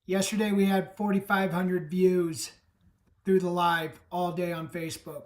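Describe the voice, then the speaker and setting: Brief: energetic male summit host, roomy echo, sounds set back from the mic. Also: high-pitched, a little slow. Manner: enthusiastic, emphatic pep talk. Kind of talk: live video call talk. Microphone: video call. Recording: echoey room, distant from the mic.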